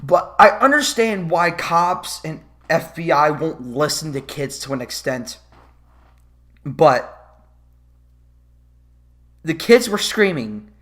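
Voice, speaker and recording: A man's voice: fairly high pitch, animated, slow pace, pauses often, fairly bright tone. A man giving a profane, sarcastic commentary rant about a movie, sounding exasperated. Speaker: movie reviewer.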